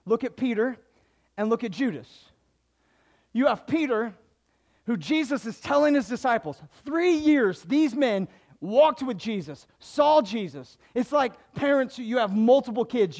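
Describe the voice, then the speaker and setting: Male pastor, high-pitched, animated sermon delivery with dramatic voice swings. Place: church hall before a congregation.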